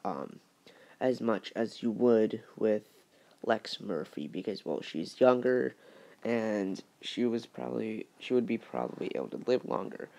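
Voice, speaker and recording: A man talking through a fan theory in a casual vlog, halting and hesitant, with many fillers and restarts. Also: fairly low pitch, animated, gravelly, darkish tone. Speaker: YouTuber.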